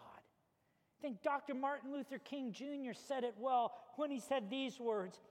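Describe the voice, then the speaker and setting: Very high-voiced male pastor in a reverberant hall. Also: unhurried. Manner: animated, conversational, with casual fillers. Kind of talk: storytelling sermon.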